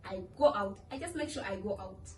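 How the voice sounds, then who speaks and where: A woman's voice: mid-range voice, brisk, a little mellow. Young woman, chatty vlogger, playful, distant mic, echoey room. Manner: chatty, playful, acts out quoted voices. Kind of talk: casual talk to camera. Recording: echoey room from far off with faint music.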